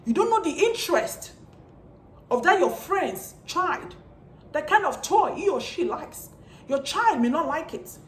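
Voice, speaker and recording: High-voiced woman lecturing parents. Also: big pitch swings, measured pace, a little hiss or hum. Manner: repeats pointed rhetorical questions. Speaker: parenting vlogger. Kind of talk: preachy monologue to parents. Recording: echoey room.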